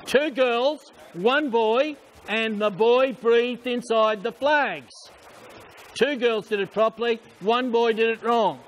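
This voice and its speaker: A man coaching swimmers at a pool, calling out short repeated instructions and quick praise. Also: extremely high pitch. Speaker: swim coach. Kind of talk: poolside coaching commands.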